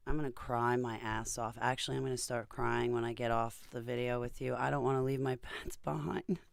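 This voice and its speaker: A woman's voice: rumbling low, gravelly, dry recording. A woman chatting on a video call in a rambling, blunt and emphatic way. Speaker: vlogger. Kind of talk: casual chat on a video call.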